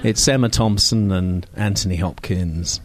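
A man's voice: deep voice, a little slow. An older man from Scotland with a received pronunciation accent, telling a personal story at a microphone in a wry, digressive, self-mocking way with many fillers. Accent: received pronunciation English. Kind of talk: storytelling talk. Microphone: microphone on stage.

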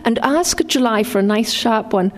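A woman's voice: on the high side, moderate pace, natural voice. A woman voicing a breezy, commanding mother who brooks no fuss. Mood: brisk. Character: brisk, unflappable mother, middle-aged.

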